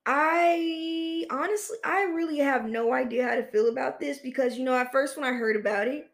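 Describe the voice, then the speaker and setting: A woman's voice: high voice, moderate pace, echoey room. A woman podcast host chatting casually, rambling and correcting herself, with the odd swear word. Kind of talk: casual solo chat.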